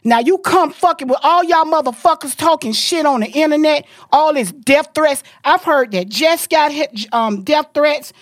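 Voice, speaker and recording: A woman. She rants loudly and profanely, with heavy emphasis. The sound is close and dry. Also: sits high, normal speed, hardly any pauses, no room sound. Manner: loud, profane, forceful, emphatic. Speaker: podcast host. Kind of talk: heated podcast rant.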